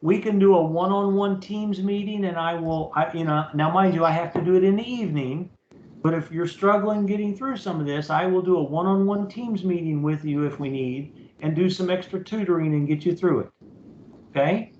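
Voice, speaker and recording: A man with a high voice teaches an online class as a professor, walking students through the work step by step in a casual way and asking "okay?" again and again. His voice sounds roomy and somewhat dull, like a lo-fi meeting recording. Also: moderate pace, a little mellow, slight background noise. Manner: casual, repeats "okay?" to check understanding. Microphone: computer mic in a video meeting.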